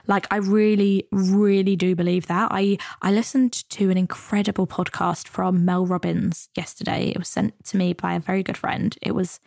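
A woman's voice: medium pitch, level tone, normal speed, gravelly, hardly any pauses, a little mellow, no echo, studio quality. A woman from the UK hosting a podcast, talking in a chatty, earnest and motivational way about goals and coaching. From United Kingdom. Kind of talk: reflective solo podcast talk.

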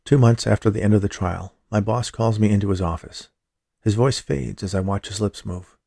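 Man reading an audiobook, somber and measured, dark mellow voice, dry close sound. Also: lowish voice, creaky, no echo. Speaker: audiobook narrator. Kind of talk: first-person audiobook narration.

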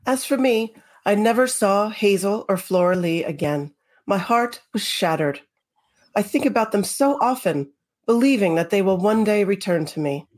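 A woman's voice: mid-range voice, expressive, normal speed, darkish tone, natural voice. A woman reading as a heartbroken older woman who still longs for two lost girls, voiced earnestly and somewhat off-mic. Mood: sorrowful. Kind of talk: podcast dramatic reading.

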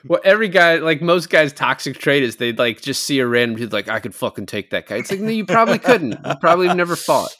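A man's voice: fairly high pitch, lively intonation, fast, hardly any pauses, pushed and bright. A man co-hosting a casual movie podcast, retelling scenes and acting out the lines, swearing casually. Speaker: podcast co-host. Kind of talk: casual movie review chat.

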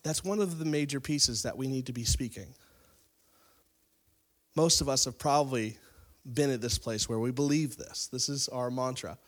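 A pastor preaching a sermon, retelling a Bible story in a casual, conversational way and swinging between loud, stressed lines and quiet ones. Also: male voice, medium pitch, normal speed, pauses often.

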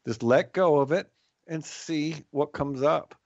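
A man co-hosting a reflective spiritual talk about recovery, speaking in a thoughtful, measured way with some restarts. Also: fairly high pitch, dry recording, muffled recording. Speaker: podcast co-host in recovery.

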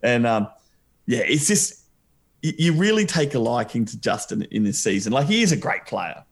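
An Australian man in his co-host's seat, talking in a relaxed and teasing way. His voice sits at an everyday middle pitch. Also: normal speed. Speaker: podcast co-host. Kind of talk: casual chat.

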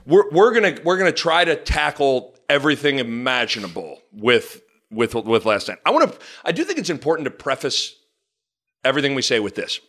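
A man co-hosting a podcast, excitable, chatting casually about sports. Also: mid-range voice. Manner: excitable, laughs often, mimics radio calls. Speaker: podcast co-host.

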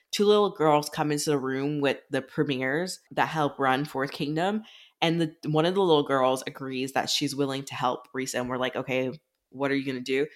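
A young woman co-hosting a podcast, recapping a novel in casual chat over a video call and acting out the characters' lines. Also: low-pitched. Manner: chatty, swears casually, acts out characters' lines. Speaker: podcast co-host.

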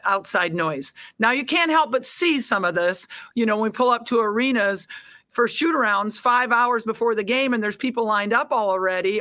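A woman's voice: fairly high pitch, fairly bright tone, no echo. A middle-aged woman with a Midwestern American accent, a basketball coach talking openly and frankly as a podcast guest. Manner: open, chatty and frank. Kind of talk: casual interview chat.

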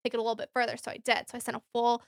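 A woman's voice: fairly high pitch, monotone, racing, vocal fry, no echo, clean studio sound. A young woman telling candid stories in a casual chat. She fills her talk with fillers and acts out what others said. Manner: candid storytelling, acts out quoted voices, many fillers. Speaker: podcast co-host.

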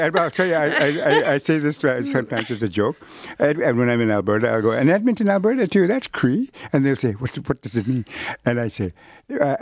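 Playful older man laughing through a chat. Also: mid-range voice. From Canada. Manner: playful, teasing, laughs often, repeats words for emphasis. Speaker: guest author. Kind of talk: radio interview, casual chat.

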